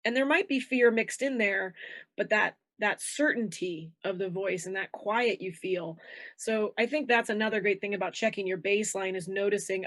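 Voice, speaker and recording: Animated woman coach, dry close sound. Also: moderate pace, no echo. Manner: animated, acts out inner voices with shifting pitch. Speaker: intuition coach, guest. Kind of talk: conversational interview.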